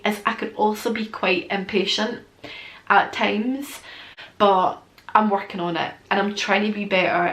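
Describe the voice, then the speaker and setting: A young woman chatting candidly and emotionally in a casual Q&A vlog, swearing now and then. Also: mid-range voice. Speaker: vlogger. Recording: echoey room with faint noise.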